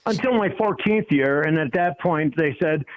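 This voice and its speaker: Laughing storyteller on a muffled line. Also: male voice, on the high side, expressive, moderate pace. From Cleveland. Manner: storytelling, self-deprecating, laughs often. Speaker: guest, former pro football player. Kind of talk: casual call-in chat.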